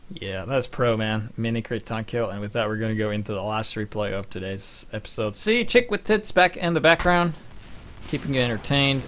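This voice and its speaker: A young man giving casual, rambling gameplay commentary, swearing freely and breaking into excited bursts. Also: on the low side, moderate pace. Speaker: game commentator.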